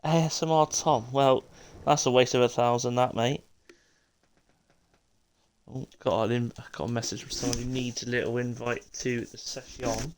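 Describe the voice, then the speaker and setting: A man's voice: medium pitch, flat delivery, normal speed, slight background noise. A British man hosting a live racing stream, chatting casually and bantering with his viewers before the show starts. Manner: chatty, banters with viewers, greets people constantly. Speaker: stream host and commentator.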